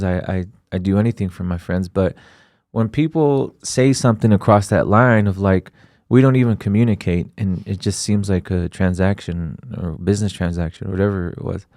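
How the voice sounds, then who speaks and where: A man's voice: low-pitched, steady tone, moderate pace, creaky, darkish tone, no room sound, clean studio sound. A man co-hosting a podcast, talking in an earnest, rambling way, with small jokes. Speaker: podcast co-host. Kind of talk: casual chat.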